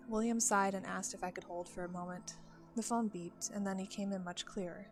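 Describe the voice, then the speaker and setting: A woman's voice: mid-range voice, steady tone, normal speed. Woman narrating a story over faint music.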